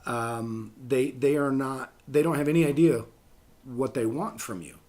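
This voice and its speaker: Male voice actor in a casual interview, medium pitch, rambling and chatty. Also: a little slow, a little mellow. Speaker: voice actor guest.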